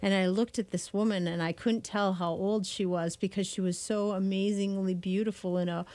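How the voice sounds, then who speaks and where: A woman co-hosts a community radio show, chatting effusively and gushing about what she loves. Her voice sits mid-range and sounds close and dry on a studio microphone, with no room echo. She talks casually and warmly with her co-host. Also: medium pitch, steady tone, moderate pace.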